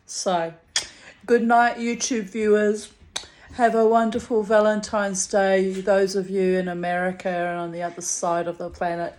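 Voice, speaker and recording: A woman vlogging straight to camera and telling a funny story from her day. She laughs often and acts out the other people with put-on voices, in a loose, chatty manner. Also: medium pitch. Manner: giggly, animated, acts out both sides of the anecdote.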